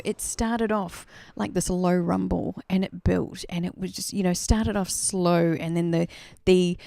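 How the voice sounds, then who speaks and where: A woman's voice: medium pitch, vocal fry, warm tone, dry recording. A woman, a live-stream host, telling a childhood story in a chatty, candid way and laughing at herself. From Australia.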